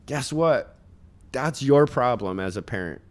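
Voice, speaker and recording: A man speaks with a smooth, resonant voice at an ordinary middle pitch. He talks as a podcast guest, sharing parenting advice. His manner is earnest and motivational, and he speaks straight to the listeners. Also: lively intonation, measured pace. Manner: tells stories and acts out other people's voices. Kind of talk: casual podcast chat.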